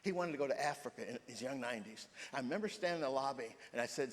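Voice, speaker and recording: An older male pastor preaches a sermon with an animated storytelling delivery, his voice leaping up for emphasis. His middle-pitched voice carries a long reverb tail from the church sanctuary. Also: racing, few pauses.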